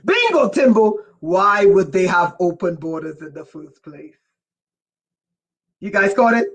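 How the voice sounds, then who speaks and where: A livestream host reading viewer chat, who gets excited and raises their voice, often breaking off with "whoa" and asking listeners whether they follow. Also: medium pitch, a little slow. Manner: breaks off with repeated "whoa" and "wait". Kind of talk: casual livestream talk to viewers.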